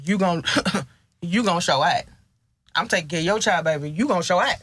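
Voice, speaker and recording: A woman's voice: lowish voice, moderate pace, fairly bright tone, husky, dry recording. A married woman in a casual podcast chat, sassy and playful, laughing often. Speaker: podcast co-host.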